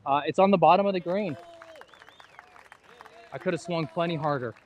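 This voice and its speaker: A man's voice: fairly high pitch, moderate pace, dull audio, a faint crowd. A man co-hosting a golf livestream outdoors on a rainy course, thinking aloud about each shot in casual chat. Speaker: golfer and co-host.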